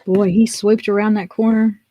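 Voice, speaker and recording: A woman's voice: mid-range voice, level tone, normal speed, mellow. A woman, co-hosting a casual crafting livestream and telling funny stories with acted-out voices and lots of laughter. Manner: laughing storyteller, acts out voices. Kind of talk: casual chat.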